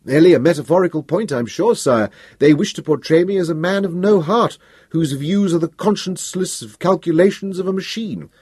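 A man voicing a composed, deferential first minister in an audiobook, measured and polite. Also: fairly high pitch, a little mellow, breathy edge, no echo, clean studio sound, pitched above the performer's own voice. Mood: calm. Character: calm, deferential adult male first minister. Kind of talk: audiobook character voice.

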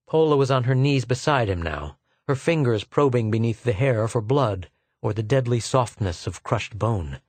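A man narrating a science fiction novel in a measured, unhurried way. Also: mid-range voice, lively intonation, darkish tone, dry recording. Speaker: audiobook narrator. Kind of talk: scripted narration.

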